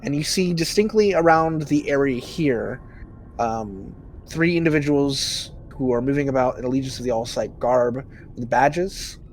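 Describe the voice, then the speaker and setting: A man narrating a tabletop game as game master, relaxed and filler-laden. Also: medium pitch, normal speed, a little hiss or hum.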